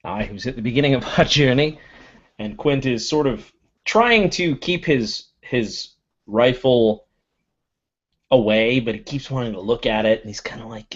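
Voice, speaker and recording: A man's voice: medium pitch, moderate pace. A man describing his character's actions in a tabletop game, casual and rambling, on a muffled recording. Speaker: player.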